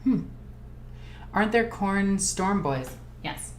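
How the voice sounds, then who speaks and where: Excitable woman streamer in an echoey room. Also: mid-range voice, slow. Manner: excitable and chatty, jumping between topics. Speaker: streamer hosting a live Q&A. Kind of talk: casual livestream chat, reading viewer comments aloud. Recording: echoey room with faint ambient noise.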